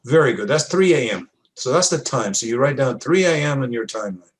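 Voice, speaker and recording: A man's voice: mid-range voice, lively intonation, fairly quick, poor audio. A man teaching a class, talking students through moon and sun diagrams in a casual, step-by-step way with frequent checks. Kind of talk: classroom lab walkthrough.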